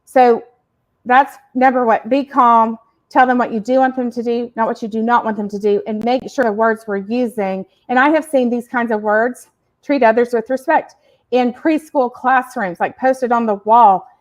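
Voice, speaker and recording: A woman co-hosting a parenting show, explaining points in a casual, warm way and laughing between them. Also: a little high, steady tone, normal speed. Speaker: podcast co-host.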